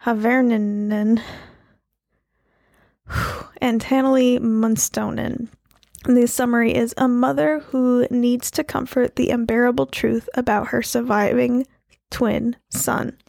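Woman podcast co-host, sick, gravelly, slightly high, rambling and joking at herself, dry close mic. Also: fairly even intonation, takes it slowly, a little mellow, no echo. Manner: self-deprecating, rambling with restarts. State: sick, rough-voiced. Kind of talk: casual podcast chat.

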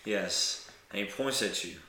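A man's voice: on the low side, unhurried, reverberant, a little hiss or hum. Laid-back man running a tabletop game. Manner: relaxed, descriptive narration with frequent laughs. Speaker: game master.

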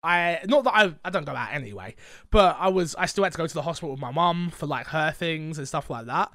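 A fairly high-voiced man with a London accent chats loosely as a podcast host, wandering into jokey tangents. He sounds stuffy with a blocked nose and sore throat. The recording is close and dry. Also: animated, quick pace, sharp tone, dry recording. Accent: London English. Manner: rambling, joking, tangent-prone. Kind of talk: casual podcast chat.

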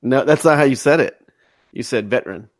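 A man's voice: medium pitch, normal speed, no echo. A man co-hosting a podcast, chiming in with wry teasing in a casual chat. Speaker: podcast co-host.

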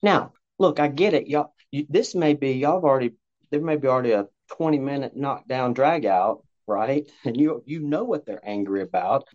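A man giving parenting advice as a podcast guest, lively and talkative, acting out conversations between parent and child. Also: medium pitch, normal speed. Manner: animated, acts out parent-child dialogue. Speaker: guest, youth counselor. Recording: dull lo-fi audio.

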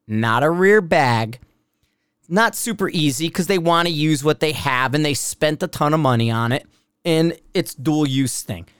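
Man, podcast host, blunt and profane, rambling, smooth resonant voice, dry close sound. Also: fairly high pitch, fairly bright tone, no echo. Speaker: shooting instructor and podcast host. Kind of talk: casual rambling podcast monologue.

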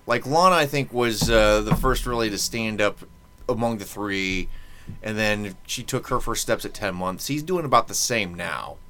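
A man's voice: lowish voice, normal speed, pushed and bright, slight background noise. A man hosting a podcast in casual chat, rambling and joking with many fillers. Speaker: podcast host.

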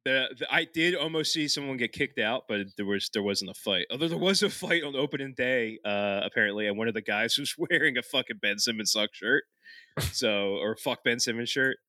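A man's voice: medium pitch, expressive, a little fast, bright, forceful tone, dry recording, clean studio sound. A man co-hosting a podcast in casual chat, rambling, swearing and laughing often between thoughts. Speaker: podcast co-host.

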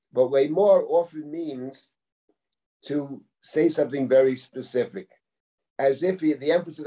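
A middle-aged man with a dark, mellow voice teaches a live Bible class as a rabbi. He works through the text verse by verse, quotes Hebrew lines, and repeats words as he thinks aloud. He is picked up from a distance in a classroom. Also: medium pitch. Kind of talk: live text-study lecture.

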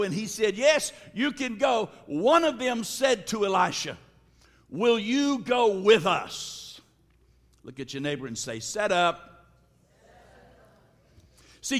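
A man preaching a sermon, speaking slowly with drawn-out words and sudden shouts. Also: very high-pitched. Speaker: pastor. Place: church sanctuary. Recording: long reverb of a large hall.

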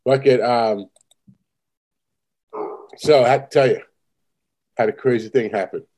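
A man's voice: mid-range voice, measured pace, darkish tone. A man in casual chat, blunt and crude, swearing often.

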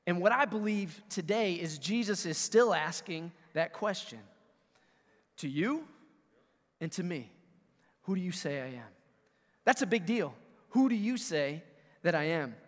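A man in his thirties, a pastor preaching a conversational, energetic sermon and calling out to his congregation. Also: sits high, measured pace, long reverb tail. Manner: energetic, conversational preaching with audience call-outs. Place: church sanctuary.

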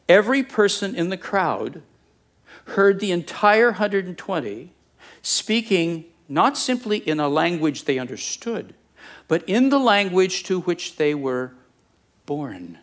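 A man preaches to his congregation. His voice sits a little higher than most men's. He talks conversationally, breaking off into asides and jokes as he goes. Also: a bit bright. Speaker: pastor. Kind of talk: sermon.

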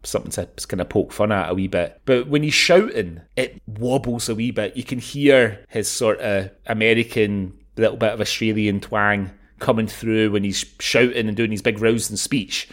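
A man's voice: fairly low pitch, moderate pace, hardly any pauses. Rambling man, casual film chat. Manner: rambling, restarts sentences, swears freely. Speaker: podcast co-host.

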